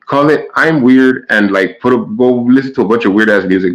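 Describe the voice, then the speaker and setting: A man's voice: mid-range voice, moderate pace, hardly any pauses, low-quality recording. A man streaming live and chatting casually with his viewers, stumbling over his words and trading sarcastic jabs with chatters.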